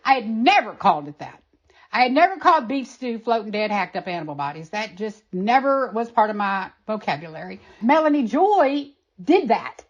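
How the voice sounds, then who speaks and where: Woman interviewee, lively emphatic storyteller, somewhat high voice, dull lo-fi recording. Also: moderate pace. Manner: animated, emphatic, acts out quoted voices. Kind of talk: personal storytelling.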